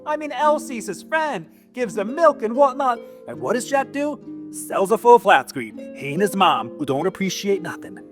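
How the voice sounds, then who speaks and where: A man putting on a high, grumbling giant. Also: sing-song, moderate pace, faint music behind. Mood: indignant grumbling. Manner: indignant, rambling storyteller with street-tough grammar. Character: grumbling boastful male giant, resentful of humans.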